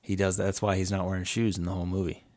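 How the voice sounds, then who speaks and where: A man's voice: low-pitched, little pitch movement, rapid-fire, a little mellow. A man co-hosting a crude, casual chat show, joking and swearing freely. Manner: joking, swears freely, puts on silly voices. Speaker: podcast co-host.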